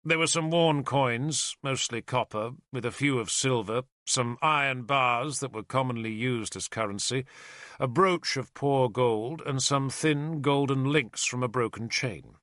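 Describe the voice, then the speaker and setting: A man narrating an audiobook in an expressive storytelling manner. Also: medium pitch, unhurried, dry recording, clean studio sound.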